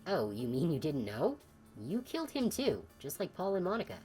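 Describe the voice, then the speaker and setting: A woman's voice: low-pitched, huge pitch swings, moderate pace, dark tone, soft background music, low-quality recording. A woman playing a blunt, sarcastic mercenary. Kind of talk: video game dialogue read aloud.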